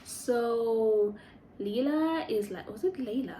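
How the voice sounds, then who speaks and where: A woman chats as a book reviewer, chatty and gushing, rambling with many fillers. Her voice sits at a middle pitch. The room has an echo and a faint background hiss. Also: a little slow, a little mellow. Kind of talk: casual chat. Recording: echoey room.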